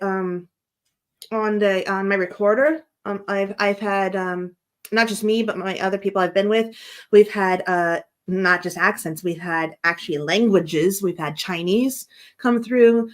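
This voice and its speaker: A woman's voice: mid-range voice, measured pace. Congested woman guest, rambling and laughing, call audio. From United States. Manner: rambling, laughing, self-correcting. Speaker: paranormal investigator guest. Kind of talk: casual chat.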